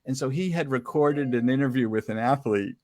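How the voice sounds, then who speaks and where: A middle-aged man tells old radio stories in an easy, chatty way. He is animated and slips into quick voices for the people in his tale. The sound is dry and close, with no room behind him. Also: mid-range voice, dry recording. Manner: animated storyteller, acts out quoted voices. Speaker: podcast guest telling radio stories. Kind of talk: casual storytelling chat.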